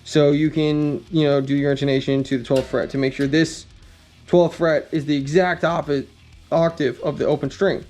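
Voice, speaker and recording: A man walks through guitar setup in a loose, rambling teaching style, full of ums and the odd blunt curse. His voice sits a bit high for a man but sounds warm and mellow. A faint guitar plays behind him. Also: moderate pace. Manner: relaxed, rambling, frequent ums, blunt mild cursing. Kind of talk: casual instructional talk.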